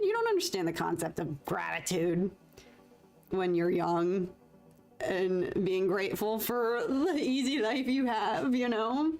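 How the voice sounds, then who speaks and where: A woman's voice: medium pitch, a little mellow. Chatty young woman streamer, faint music. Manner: rambling, self-deprecating, mild swearing substitutes. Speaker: live-stream painter. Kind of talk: casual live-stream chat.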